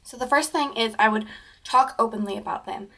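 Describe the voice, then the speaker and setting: A woman's voice: fairly high pitch, fairly quick, vocal fry, fairly bright tone. Chatty teenage girl vlogger. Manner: chatty, peppered with "like" and "um"; acts out quoted conversations in livelier voices. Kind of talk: casual advice chat to camera.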